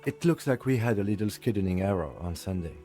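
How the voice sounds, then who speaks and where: A man playing a calm, low-voiced police lieutenant. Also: quick pace, soft background music, close to an everyday voice. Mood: composed. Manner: polite, composed and businesslike. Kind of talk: scripted game dialogue.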